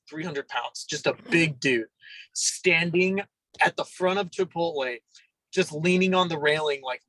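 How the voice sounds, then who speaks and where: A young man as a podcast guest, telling a story in a rambling, casual way full of fillers and throat clearing. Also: a little high, a bit bright, dry recording, poor audio.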